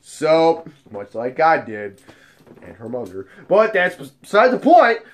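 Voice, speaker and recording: A man telling bar stories from his job as a bouncer, cursing freely and keeping the delivery animated and jokey. His voice sits a bit high for a man. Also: slow. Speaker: nightclub bouncer and storyteller. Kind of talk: casual storytelling vlog.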